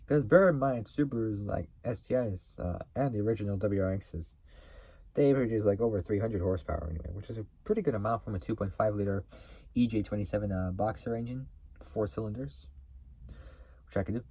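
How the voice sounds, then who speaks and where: A man's voice: on the low side, a little fast, mellow, slightly rough. A man hosting a car video, talking casually to camera in a rambling way, full of fillers and restarts.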